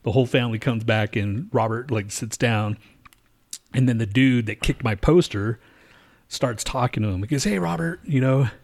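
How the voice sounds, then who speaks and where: A man's voice: medium pitch, fairly even intonation, normal speed, a little mellow. Profane rambling man telling a story. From lives in Denver. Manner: profane, rambling, acts out quotes. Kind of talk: casual storytelling chat.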